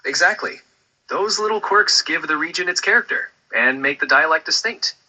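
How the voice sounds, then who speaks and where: A man's voice: on the high side, animated, moderate pace, bright, forceful tone, low-quality recording. A man's synthetic assistant voice, friendly and upbeat in casual chat, ending turns with questions. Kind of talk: conversational AI chat.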